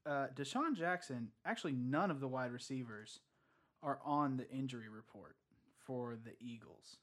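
A man co-hosting a casual fantasy football chat, opinionated and quick to argue his picks, laughing easily. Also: mid-range voice, a bit bright. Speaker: podcast co-host.

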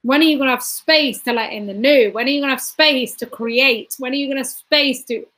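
A woman's voice: high-pitched, fairly quick, fairly bright tone. A woman, a guest giving a motivational talk, repeating phrases emphatically and punching points with sound effects.

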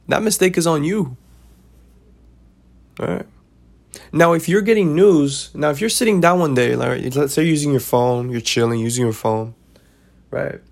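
In a fairly high voice with vocal fry, a man hosts a podcast and casually preaches life lessons. His advice monologue is repetitive, and he keeps asking "right?".

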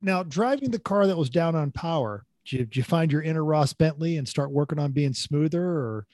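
A man's voice: a little high, lively intonation, a little fast, darkish tone, no echo. A man hosting a casual podcast chat, teasing his co-hosts and steering the talk. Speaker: podcast host. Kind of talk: casual chat, leads the discussion.

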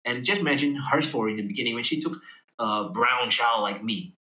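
A man's voice: medium pitch, a little fast, pushed and bright. A young man from Malaysia with an American accent, talking as a guest in a casual, slangy, rambling way. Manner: slangy, rambling, frequent fillers and laughs. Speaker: rapper guest. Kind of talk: casual conversational interview. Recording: echoey room.

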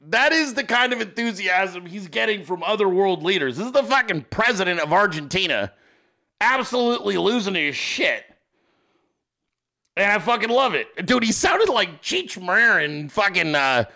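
A male host giving excitable, profane political commentary, laughing often as he talks. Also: high-pitched, creaky. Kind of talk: casual commentary.

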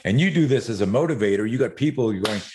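A man's voice: mid-range voice, lively intonation, quick pace, a little mellow. A middle-aged man from Canada, a podcast guest, telling stories in a loose, rambling way, swearing casually and drifting into tangents.

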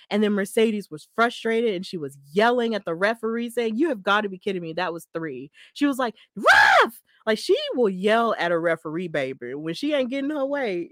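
A woman hosting a podcast, casually recapping a wrestling match in a chatty, excitable way and laughing often. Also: mid-range voice, dry recording, clean studio sound. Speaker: podcast host.

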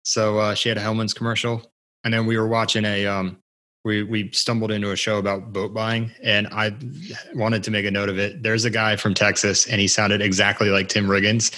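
A man with a fairly low voice chats loosely on a podcast. He rambles, restarts his sentences and laughs often as he goes. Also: little pitch movement, fairly quick, pushed and bright. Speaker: podcast co-host. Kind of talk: casual podcast chat.

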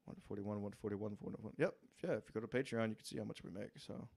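A man's voice: on the low side, fast, creaky, no echo. Guy ranting alone on his podcast, swearing a lot, mumbles then blows up, dry close mic. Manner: profane, ranting, swings from mutter to yelling. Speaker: podcast host. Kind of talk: solo podcast rant reading live chat. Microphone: podcast microphone.

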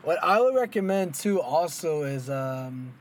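Young male co-host, slightly high voice, loose rambling chat, faint ambience behind. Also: big pitch swings, a little slow, slight background noise. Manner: rambling, lots of "like" fillers, joking. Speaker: podcast co-host. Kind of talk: casual chat. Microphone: headphones and mic.

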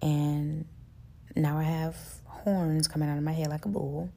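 Low, gravelly woman podcast host. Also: flat delivery, unhurried. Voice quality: says her voice is high-pitched and gets loud with passion. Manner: earnest, conversational, lots of fillers like "like" and "you know". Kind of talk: casual self-help monologue.

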